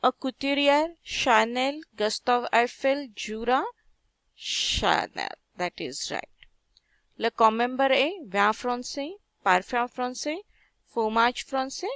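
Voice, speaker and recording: Slow, gravelly Indian woman teaching. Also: on the high side, expressive, a bit bright, dry recording, studio quality. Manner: patient, asks viewers questions, mixes French terms into English. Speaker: French teacher. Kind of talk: slow step-by-step lesson.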